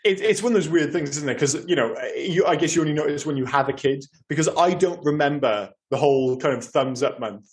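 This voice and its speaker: A man talking about films on a podcast with easy, casual enthusiasm. His voice sits a little higher than most men's. He rambles and gushes, circling back on his own sentences. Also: fairly quick, hardly any pauses. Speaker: podcast co-host. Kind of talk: casual film chat.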